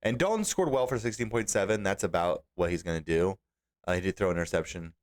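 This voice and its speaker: A young man with a fairly low voice talks through a fantasy football recap on his own. He gets animated and exasperated as he scolds the team managers over their lineups. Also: fast. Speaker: podcast host.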